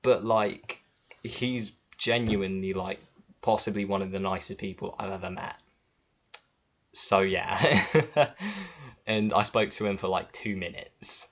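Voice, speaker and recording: A man with a lowish voice talks straight to camera, loose and informal and not shy about swearing. The sound is dull and lo-fi, picked up by an old laptop's built-in mic. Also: steady tone, unhurried, a bit bright. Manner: chatty and informal, swears freely. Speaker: vlogger. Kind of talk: casual storytelling to camera.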